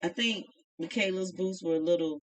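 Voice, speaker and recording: A woman's voice: lowish voice, normal speed. A middle-aged woman casually chatting through a reality show review in a folksy, opinionated way.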